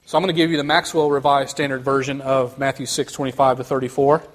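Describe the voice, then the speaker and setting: A man preaching a sermon, speaking earnestly and building to quick, emphatic runs. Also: mid-range voice, level tone. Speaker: pastor.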